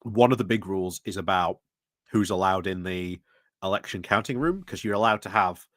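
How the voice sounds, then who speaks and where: Low-voiced hesitant man, dry sound. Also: normal speed, fairly bright tone, no echo. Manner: hesitant, many restarts, earnest. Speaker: co-host of a news talk stream. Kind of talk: casual live-stream chat. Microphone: video call.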